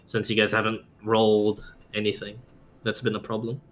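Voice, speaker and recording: Guy running a tabletop game, bright clear voice, laid back, lots of ums. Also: fairly low pitch, moderate pace, a little hiss or hum. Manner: relaxed, explanatory, with fillers. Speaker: game master.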